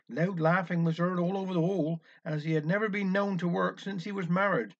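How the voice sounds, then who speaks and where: A man's voice: on the high side, flat delivery, a little fast, hardly any pauses. A man with a Cornish accent telling a wry village dialect story. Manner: wry, anecdotal. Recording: dull lo-fi recording.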